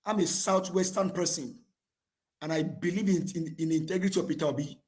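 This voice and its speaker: A man's voice: a little high, a little fast. A man in his thirties with a Nigerian accent, calling in with fervent, repetitive political commentary. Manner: fervent, repetitive, rising to shouts. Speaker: caller.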